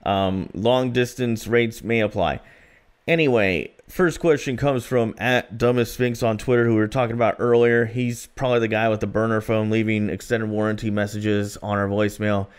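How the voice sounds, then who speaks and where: A man's voice: fairly low pitch, fairly even intonation, normal speed, clear, resonant tone. A man co-hosting a podcast, chatting casually and telling rambling stories with plenty of fillers. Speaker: podcast co-host.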